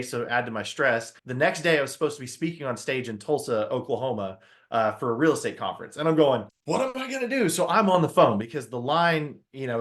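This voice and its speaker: A man giving a motivational talk to an audience, telling a story with lively acted-out quotes and questions to the crowd. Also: medium pitch. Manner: animated storyteller, acts out his own quotes, asks the audience questions. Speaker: motivational speaker.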